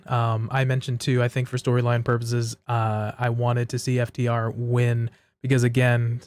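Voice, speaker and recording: A man's voice: mid-range voice, a little mellow. A man co-hosting a wrestling podcast, recapping matches casually and steadily, step by step. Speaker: podcast co-host.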